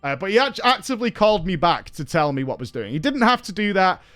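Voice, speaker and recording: A man hosting a casual stream chat, telling an animated story with laughs and casual swearing. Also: high voice, fast talker. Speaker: streamer host.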